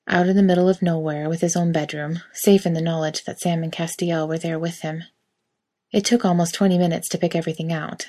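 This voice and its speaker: A woman reading a piece of fiction aloud in a steady storytelling manner. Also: fairly low pitch. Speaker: reader. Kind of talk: audiobook reading of fan fiction.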